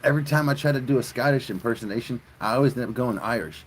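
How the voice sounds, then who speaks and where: A man from South Mississippi with a Southern American accent, chatting excitably with viewers on a live stream and swearing freely. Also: mid-range voice, quick pace, slight background noise. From South Mississippi, USA.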